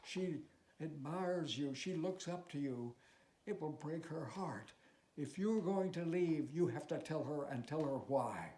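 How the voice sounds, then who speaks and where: A firm, motherly innkeeper woman, as a man puts her on, who scolds and insists in an unhurried way. The recording is roomy and echoey, with a faint hiss. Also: a little high, lively intonation, warm tone. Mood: insistent. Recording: roomy echo, faint noise.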